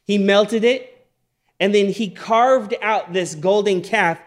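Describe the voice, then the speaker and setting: A man preaching a sermon as a pastor, reading and retelling stories in a conversational way and asking the audience questions. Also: high-pitched. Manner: conversational storytelling, asks the audience.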